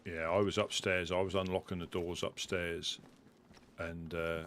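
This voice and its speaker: A man on gaming voice chat, low-key with a dry, teasing humor. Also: level tone, a little slow, fairly bright tone, slight background noise. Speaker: teammate.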